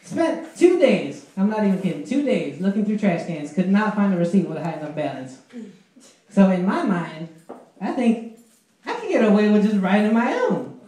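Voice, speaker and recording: A man doing a stand-up comedy set at an open mic, telling crude stories with a deadpan delivery. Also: sits high, normal speed. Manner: deadpan storytelling, crude punchlines. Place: small club at an open mic. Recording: very echoey room.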